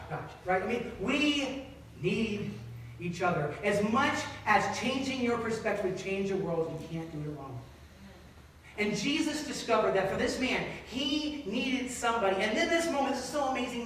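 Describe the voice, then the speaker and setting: Male pastor, 30s, high voice, lively chatty sermon, booming church echo, mic far away. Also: moderate pace, slight background noise. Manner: conversational, animated preaching. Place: church sanctuary. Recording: echoey sanctuary, distant mic.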